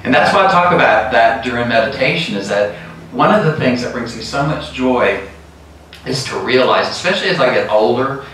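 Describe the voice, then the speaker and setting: A middle-aged man preaches with a bright, forward voice, lively and quick to laugh. He sounds set back from the mic in a very echoey church hall, with a faint hiss beneath. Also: mid-range voice, recorded from a distance. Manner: lively, laughing often, acts out sheep calls. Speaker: guest speaker. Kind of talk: sermon. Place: large church sanctuary.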